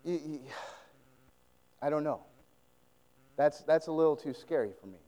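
A preacher voicing a quiet trusting widow. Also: male voice, on the high side, moderate pace, in a large hall, natural voice. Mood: fearful.

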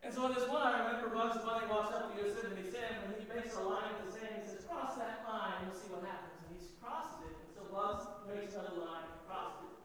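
A man's voice: high voice, steady tone, fast, few pauses, a bit bright. A man preaching a sermon in a church, calling questions out to the congregation and building to emphatic peaks. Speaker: pastor. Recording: echoey hall, distant mic, faint noise.

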